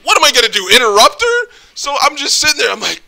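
Young adult male vlogger, animated storyteller, cursing, sharp bright tone. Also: very high-pitched, fast talker, gravelly. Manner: excitable, profane, animated. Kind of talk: casual storytelling.

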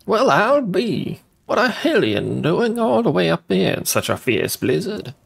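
A man voicing a surprised bird-folk villager man, reading game dialogue aloud in a high exclaiming voice. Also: wildly swooping pitch, measured pace, gravelly, husky, heavily acted. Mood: astonished.

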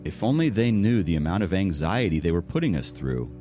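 A man's voice: low voice, sing-song, fairly quick, music in the background. A man voicing a weary young male student who sighs over his worries. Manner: sighing, wry.

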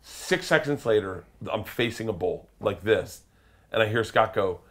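A man telling a wild story as a guest, laughing and acting out quotes with sudden shouts. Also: on the low side, expressive, unhurried. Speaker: comedian guest. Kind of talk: animated storytelling.

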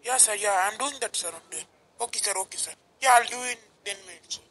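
A woman reads lines for a homemade cartoon in a plain, simple way. Her pitch sits in the middle of her range, and her tone is bright and crisp. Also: quick pace, slight background noise, low-quality recording. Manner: plain, simple line reading.

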